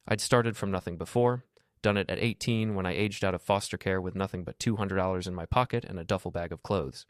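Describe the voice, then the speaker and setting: A man narrating a scripted first-person story in a steady, matter-of-fact way. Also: deep voice, a little fast, clean tone, no echo, clean studio sound.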